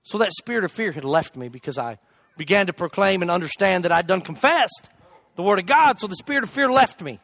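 A man preaching a humorous sermon, telling a story in an animated, jokey way with loud shouted asides. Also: sits high, brisk, no room sound.

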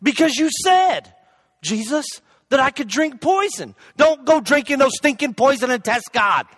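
A man preaching a humorous sermon, telling a story in an animated, jokey way with loud shouted asides. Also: very high-pitched, normal speed, no room sound.

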